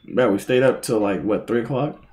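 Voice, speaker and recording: A young man livestreaming a video game, excitable and swearing, swinging between yelling and muttering. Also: mid-range voice, moderate pace, echoey room. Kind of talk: gaming livestream commentary.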